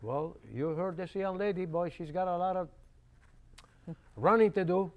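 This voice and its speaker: A man's voice: high-pitched, normal speed, phone-quality sound. An older man hosting a local TV interview, talking in a folksy, chatty and jokey way. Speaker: local TV host. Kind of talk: casual interview talk. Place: local cable TV studio.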